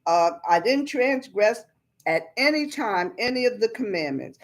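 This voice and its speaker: A woman's voice: fairly high pitch, lively intonation, unhurried. A woman preacher giving a conversational Bible lesson, explaining scripture in plain everyday words.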